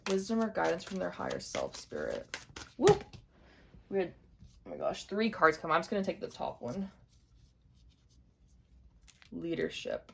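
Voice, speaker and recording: A young woman giving an intuitive tarot reading to camera, speaking gently and repeating her points straight to the viewer. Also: mid-range voice, vocal fry. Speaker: tarot reader.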